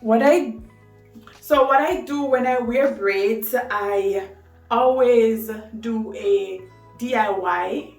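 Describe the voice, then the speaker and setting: A woman's voice: fairly high pitch, slow pace. Chatty woman vlogging in an echoey room. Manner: chatty and enthusiastic, laughs often. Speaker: hair care vlogger. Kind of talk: casual talk to camera. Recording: roomy echo, mic at a distance, faint music.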